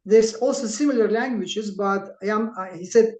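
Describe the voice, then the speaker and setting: A man's voice: high voice, moderate pace, hardly any pauses, darkish tone. A man whose first language is Russian, chatting on a call and asking questions with many fillers. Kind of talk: casual chat. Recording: echoey, from far off the mic.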